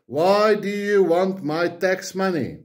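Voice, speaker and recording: A man's voice: high voice, slow. A man with an Afrikaans South African accent, ranting bluntly to camera and firing off repeated, profane rhetorical questions. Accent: South African, Afrikaans-speaking. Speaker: political commentator. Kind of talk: angry political rant to camera.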